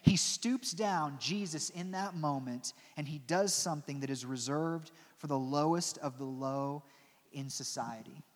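A man preaching in a church with a fairly high voice, telling the story dramatically with joking asides. His words ring out in a long reverb. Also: a little slow. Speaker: pastor. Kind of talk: sermon.

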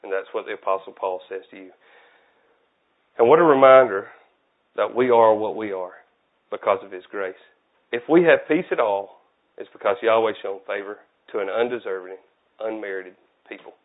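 A man's voice: on the low side, normal speed, long pauses. A man preaching a casual, conversational sermon, folksy and self-deprecating. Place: church. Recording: tinny phone-like audio.

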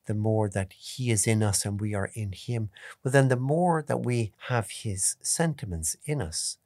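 A priest giving a calm, measured spoken meditation, stressing key points by repeating them. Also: male voice, mid-range voice, no room sound, clean studio sound. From Ireland. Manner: calm, measured teaching tone with emphatic repetitions.

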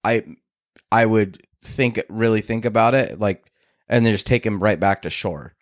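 A man's voice: lowish voice, moderate pace. A man co-hosting a casual podcast, teasing and laughing often, explaining things earnestly. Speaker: podcast co-host. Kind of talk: casual chat.

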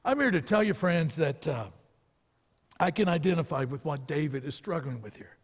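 A man delivers a sermon from the pulpit in a fairly high, clear voice. He speaks earnestly and presses his listeners with rhetorical questions. The sound hangs in a reverberant sanctuary. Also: animated, normal speed. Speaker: pastor.

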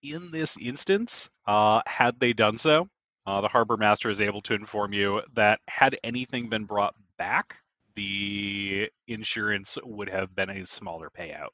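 Measured male game master, dull lo-fi mic. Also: lowish voice, sharp tone, dry recording. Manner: measured, explanatory, many "uh" fillers. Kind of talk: narrating a tabletop game.

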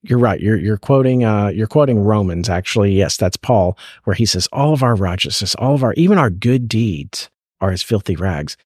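A man's voice: fairly low pitch, animated, normal speed, darkish tone, breathy edge, dry recording, clean studio sound. A man hosting a faith podcast, asking earnest questions and quoting scripture in casual conversation. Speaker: podcast host, parent.

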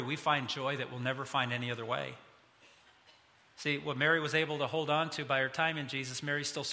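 A middle-aged man preaching a sermon as pastor, animated, his voice climbing high when he gets excited. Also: in a large hall.

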